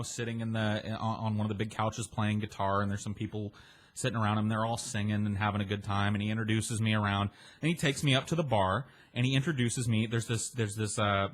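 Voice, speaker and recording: A man's voice: on the low side, brisk. A man telling a long, rambling personal story in casual speech, with restarts and swearing, slipping into other people's voices. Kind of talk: casual spoken anecdote.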